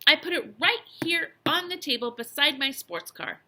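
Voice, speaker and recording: A woman reading aloud voices an upset young boy who insists his toy motorcycle was stolen, with loud, insistent exclamations. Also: a little high, big pitch swings, normal speed, vocal fry, husky, full character voice.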